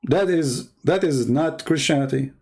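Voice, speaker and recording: Blunt gravelly-voiced man. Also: on the high side, unhurried, darkish tone. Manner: blunt and scornful. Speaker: channel host. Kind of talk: combative monologue.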